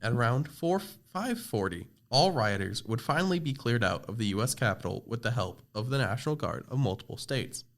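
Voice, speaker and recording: A man's voice: mid-range voice, animated, a little fast, few pauses. A teenage boy narrating a scripted school project podcast, reading steadily with small slips and restarts. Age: teens. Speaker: student presenter.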